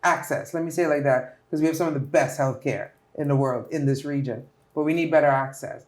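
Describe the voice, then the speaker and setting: A woman's voice: low-pitched, a little fast, darkish tone. Woman politician, Turks and Caicos accent, earnest and emphatic, echoey room. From Turks and Caicos Islands. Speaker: politician guest. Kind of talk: interview answers.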